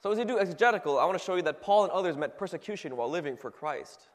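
A man giving a relaxed, conversational sermon as a youth pastor, with plenty of "you know", "like" and restarts as he explains scripture. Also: sits high, racing. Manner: conversational, many fillers and restarts. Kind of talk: casual sermon. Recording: long reverb in a hall.

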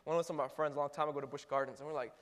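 Young man, high voice, animated storyteller, mimics clunking noises, long echoing hall reverb. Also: very fast. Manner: animated, mimics ride noises, heavy filler words. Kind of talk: casual storytelling monologue.

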